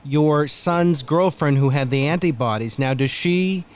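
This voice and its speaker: A man with a slightly higher voice hosts a loose conversation. He asks quick questions and throws in teasing remarks. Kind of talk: casual chat.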